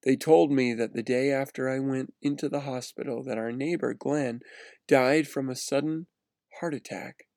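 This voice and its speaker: A man reads a personal story aloud in an earnest, steady way, sometimes restarting a phrase. His voice is gravelly and fry-tinged, recorded close and dry with no room sound. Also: medium pitch, normal speed, no room sound. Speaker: narrator. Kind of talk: read-aloud first-person story narration.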